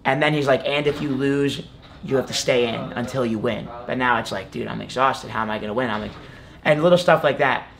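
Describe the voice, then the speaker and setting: Amid crowd noise, a young college wrestler gives a casual interview in a gravelly, medium-pitched voice, speaking fairly quickly. He rambles on, using plenty of "like" and "you know."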